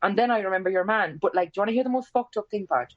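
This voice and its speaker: A woman in her twenties with an Irish accent, a podcast guest telling a story in casual chat, animated and swearing freely, acting out quoted lines with big jumps in pitch. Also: racing, lo-fi sound. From Ireland.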